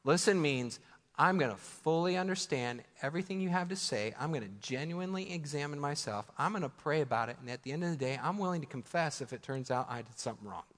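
A Midwestern American man in his thirties delivers a sermon with a slightly raised pitch and an easy, chatty manner. He breaks into laughs and acts out quoted prayers. The sanctuary's long reverb trails behind his words. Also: animated, fast, fairly bright tone. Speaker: pastor. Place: church sanctuary. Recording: church hall with long reverb.

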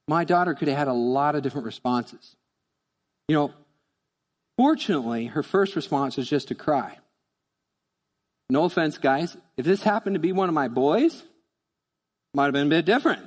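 Male pastor, high voice, chatty animated sermon, reverberant church. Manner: conversational, animated, acts out voices.

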